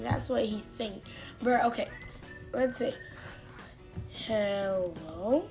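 A woman giving casual, excitable commentary while she plays a game, full of chatty exclamations. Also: mid-range voice, slow, pauses often, soft background music. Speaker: gaming streamer.

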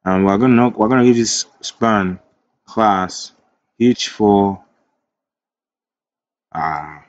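A man with a fairly low voice talks through a coding tutorial while he types. He thinks aloud, fixes his own slips and wanders into chatty asides. The sound is dry and a little dull and lo-fi. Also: slow pace, no echo. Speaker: web development tutor. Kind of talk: screen-recorded coding tutorial.

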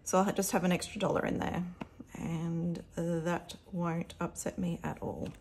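A woman's voice: fairly low pitch, fairly even intonation, moderate pace, gravelly, darkish tone, slight background noise. An Australian woman vlogging casually at home, chatting to viewers while counting out cash. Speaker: budget vlogger.

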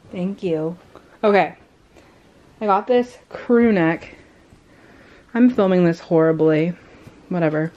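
A woman's voice: mid-range voice, measured pace, pauses often, mellow, dull audio. A young woman chatting casually to the camera as a vlogger, loose and rambling with many fillers. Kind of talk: casual vlog haul chat.

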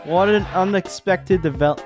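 A man giving let's-play commentary on a game, excitable and exclaiming with frequent laughs. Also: high voice, a little slow, music in the background. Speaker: gaming YouTuber.

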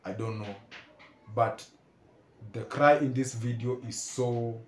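A man's voice: mid-range voice, slow pace, crowd noise. Earnest Kenyan man, echoey room. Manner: earnest, repeats pleas over and over. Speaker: reaction video host. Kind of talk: emotional reaction commentary.

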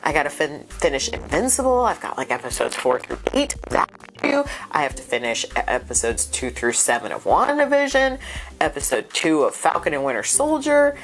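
A woman hosting a reaction video in casual chat, excitable and gushing, sounding stuffed up from crying. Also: a little fast, soft background music. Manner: excitable, gushing, with big pitch jumps.

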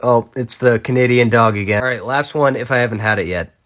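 A man's voice: medium pitch, a little fast. Sarcastic young man ranting jokingly. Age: 20s. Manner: sarcastic, rambling, jumps between loud outbursts and mutters. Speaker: comedy creator. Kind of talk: casual comedic monologue.

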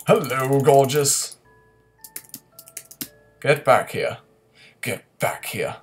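A young man casually commentating his own gameplay, playfully taunting opponents and bursting into loud excitement during fights. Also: medium pitch, drawn-out words, pauses often, husky, soft background music. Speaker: gaming commentator.

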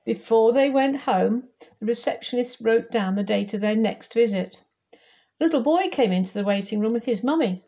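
A woman volunteer reading a children's picture book aloud, lively and talking straight to young listeners. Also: fairly high pitch, normal speed. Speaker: volunteer storybook reader.

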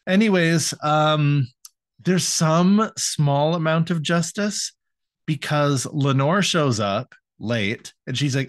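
A young man with a fairly high voice co-hosts a podcast, recapping an episode at a slow pace. His casual chat is loose, profane, and full of laughter.

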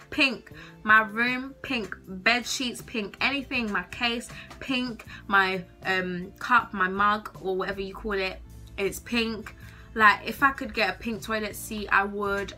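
A woman's voice: mid-range voice, sharp tone. A young woman chatting to camera from her bedroom, gushing and giggly with casual slang, a little nervous. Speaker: vlogger.

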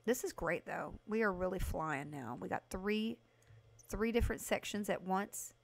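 A woman livestreaming a house renovation game, chatting casually with her viewers and breaking into excited bursts. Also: medium pitch, normal speed, creaky. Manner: chatty, talks to chat by name, excited bursts. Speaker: livestream host playing a video game. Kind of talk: casual live game commentary.

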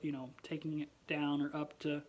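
Speaking at a moderate pace in a highish voice, a young man chats casually for his vlog from home late at night. Fatigue shows in his yawns and frequent sighs, though he stays expressive and chatty.

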